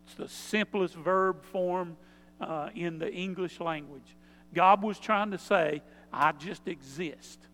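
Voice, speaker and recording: A man's voice: high voice, steady tone, slow pace, a bit bright, in a large hall, a little hiss or hum. A male pastor preaching a sermon, explaining in a plain, conversational teaching tone.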